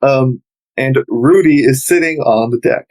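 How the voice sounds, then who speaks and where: Game master, male, middle pitch, relaxed narration with frequent laughs. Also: a little slow, poor audio.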